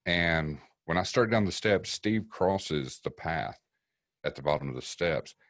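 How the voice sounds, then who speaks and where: An extremely deep-voiced man from East Tennessee, guesting on a podcast as a paranormal investigator, takes an unhurried approach to telling a story. He's relaxed and profane, acting out other people's quotes vividly, and he sits close to a dry mic with no room sound.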